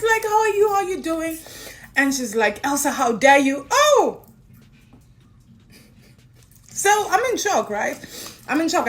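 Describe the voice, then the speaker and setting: Animated woman telling a story. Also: fairly high pitch, a little hiss or hum. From Kenya. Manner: animated, swings between excited and subdued. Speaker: influencer. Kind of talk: personal storytelling.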